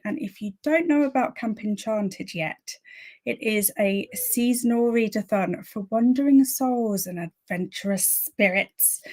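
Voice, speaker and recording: Slow-talking woman hosting a stream. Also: medium pitch, a little mellow. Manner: chatty, greets viewers by name, self-deprecating. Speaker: livestream host. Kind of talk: casual livestream chat.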